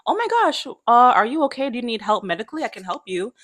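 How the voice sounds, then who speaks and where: A woman's voice: fairly high pitch, sing-song, fast talker, fairly bright tone, pitched above the performer's own voice. A woman voicing a sweet, kind young village woman who fusses helpfully. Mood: concerned.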